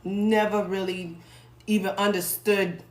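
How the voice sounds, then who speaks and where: A woman's voice: medium pitch, little pitch movement, a little slow. A woman in her thirties or forties from New York, giving a casual tarot reading in a rambling, conversational way that repeats phrases. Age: 30s to 40s. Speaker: tarot reader. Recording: echoey room with background noise.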